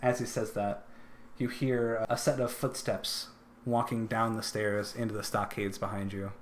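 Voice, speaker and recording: A man's voice: lowish voice, flat delivery, a little slow, a little hiss or hum. Man narrating as dungeon master. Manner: descriptive, with filler and restarts. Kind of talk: narrating a tabletop game.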